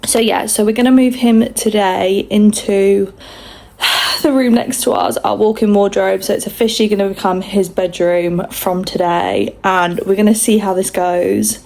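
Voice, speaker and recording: A woman's voice: mid-range voice, a little slow, creaky, a little mellow. A young woman, chatting casually at home in a rambling, self-mocking vlog. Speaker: vlogger mum.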